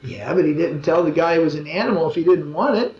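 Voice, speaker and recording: A man delivers an informal religious discourse, spinning anecdotes in a relaxed, wry way. His voice sits noticeably high for a man. The old lo-fi recording sounds dull and echoes around the room. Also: quick pace. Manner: conversational storytelling with wry humor. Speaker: swami giving a spiritual talk. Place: gathering in a room. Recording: roomy dull lo-fi 2001 recording.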